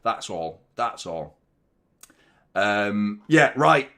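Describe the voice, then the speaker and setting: Chatty football fan host. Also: male voice, on the low side, drawn-out words, vocal fry. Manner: chatty and excitable, nervous before the match. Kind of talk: live watchalong chat reading viewer messages. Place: hot glass-walled room.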